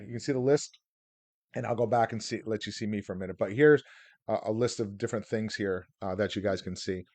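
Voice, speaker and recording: Low-voiced man talking casually on a webinar. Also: darkish tone, no echo. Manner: rambling, storytelling with filler words. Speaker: real estate investor teaching seller financing.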